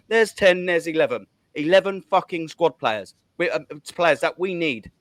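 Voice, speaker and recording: A man's voice: sits high, a bit bright, no room sound. Sweary, heated man ranting. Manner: fast, swearing, repetitive counting. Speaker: host. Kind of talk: heated fan rant.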